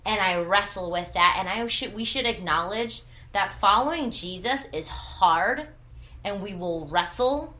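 Woman, thirties, personal faith testimony, earnest storyteller, bright tone. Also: medium pitch, expressive, measured pace. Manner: earnest storytelling with quoted dialogue and laughter. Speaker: former church ministry worker.

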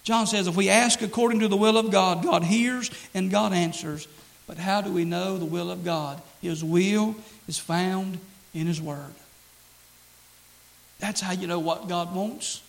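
A man's voice: high-pitched, fairly even intonation, measured pace, gravelly, rough recording. A man preaching a sermon as pastor, earnest and repetitive, quoting scripture and stressing key phrases.

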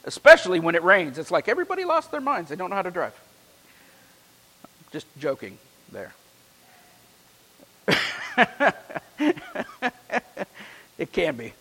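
A man with a fairly high voice preaches a sermon in a church, and his words ring out with a long hall reverb. He reads scripture with strong emphasis, then slips into easygoing, joking asides with the congregation. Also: very animated, unhurried, pauses often, sharp tone. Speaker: pastor.

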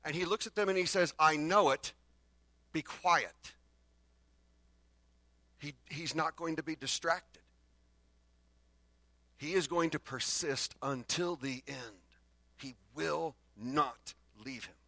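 A man preaching a sermon as pastor, swinging between loud bursts and hushed lines and acting out the exchanges between the prophets. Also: fairly high pitch, measured pace, dry recording. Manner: acts out the exchanges between the prophets in their own voices.

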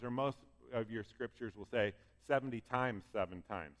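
A man's voice: mid-range voice, moderate pace, a bit bright. Man preaching in a reverberant hall. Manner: earnest, conversational preaching, reads scripture aloud. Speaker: pastor. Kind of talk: sermon.

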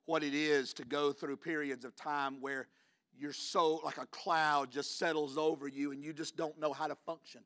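A man preaching a sermon in a church, moving between quiet personal storytelling and loud, shouted declarations. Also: a little high, flat delivery, moderate pace. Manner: shifts from hushed storytelling to shouted climaxes.

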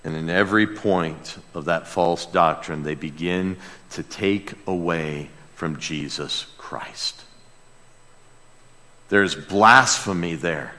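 A man preaching a sermon as pastor, passionate, dropping to a hush and then crying out. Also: sits low, slow pace, in a large hall. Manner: passionate, swings from hushed to crying out.

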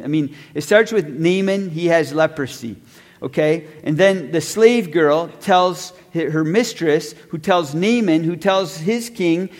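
A man's voice: a little high, long reverb tail. A man preaching a sermon, retelling a story in a conversational way and briefly acting out the characters. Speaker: pastor.

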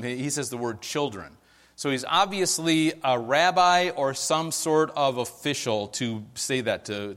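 A man preaching a casual, conversational sermon, telling a story with lively acted-out quotes and frequent "right?" asides. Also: fairly high pitch. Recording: long hall reverb.

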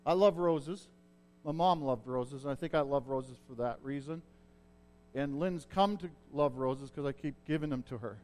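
A man's voice: medium pitch, moderate pace, a little mellow. A middle-aged male pastor giving a sermon in a conversational way, checking in with his listeners as he explains a passage.

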